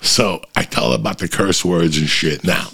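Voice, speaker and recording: A middle-aged man hosting a show, telling a story in casual, profane, animated chat to his listeners. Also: sits low, moderate pace, creaky, slightly rough. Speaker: podcast host.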